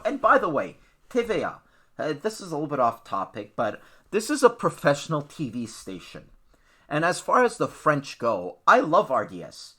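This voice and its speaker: A man's voice: medium pitch, big pitch swings, normal speed, pushed and bright. A man hosting a sports podcast, talking bluntly and opinionatedly in a ranting, casual way. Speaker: podcast host.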